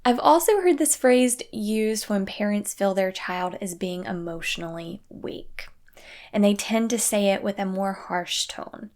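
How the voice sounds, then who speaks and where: A young woman hosts a parenting show, talking through her points in a calm, earnest, scripted way. Her voice sits at an everyday middle pitch. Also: a little slow. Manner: calm, earnest, acts out quoted phrases. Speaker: parenting podcast host. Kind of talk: scripted solo talk.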